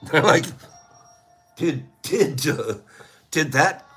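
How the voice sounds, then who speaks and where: Host, male, middle-aged: goofy, laugh-prone, high bright voice that swings wildly, unhurried, light music underneath. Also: lively intonation. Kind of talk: casual livestream chat.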